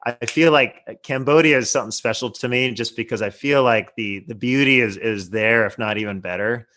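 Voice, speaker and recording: A man from California speaks as a podcast guest in an easygoing, mid-pitched voice. He rambles and leans on fillers like you know and I mean as he recounts things. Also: moderate pace, pushed and bright. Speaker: guest, investor. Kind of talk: casual interview chat.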